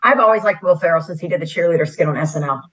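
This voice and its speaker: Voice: medium pitch, very fast, fairly bright tone, husky, lo-fi sound. A talk show co-host chatting casually and backing the host up with frequent affirmations.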